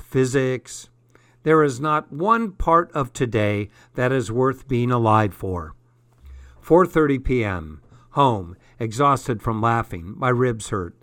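A man reading a comic first-person diary as an audiobook, with a deadpan delivery. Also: medium pitch, no echo. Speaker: audiobook reader.

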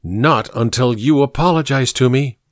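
A man's voice: medium pitch, normal speed, no room sound, clean studio sound, voice pushed up, close to an everyday voice. A man voicing an anxious but firm mother in an audiobook, pleading and scolding by turns. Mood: indignant. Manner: pleading then stern, protective. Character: worried, firm mother, woman in her thirties.

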